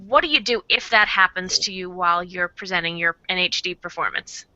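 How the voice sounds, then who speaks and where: Woman moderator reading questions on a video call, super bright voice, dry thin sound. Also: fairly low pitch, fairly quick, no echo, dull audio.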